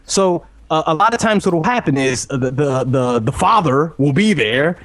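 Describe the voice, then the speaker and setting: Ranting man, a bit high, very dry. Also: expressive, normal speed, fairly bright tone, no echo. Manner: opinionated, ranting, swears. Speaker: podcast host. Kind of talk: casual chat.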